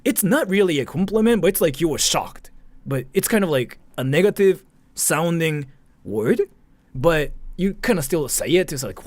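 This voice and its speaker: Animated young man. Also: on the high side, normal speed, no echo. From Japan. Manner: animated, swearing, thanking donors mid-explanation. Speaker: streamer. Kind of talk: casual livestream chat.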